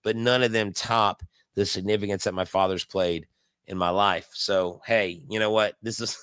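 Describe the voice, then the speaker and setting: A man's voice: lowish voice, steady tone, moderate pace, a bit bright, smooth, dry recording. A man hosting a casual live baseball watch-along, telling stories in a rambling way full of fillers and restarts. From Houston area. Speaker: live stream host.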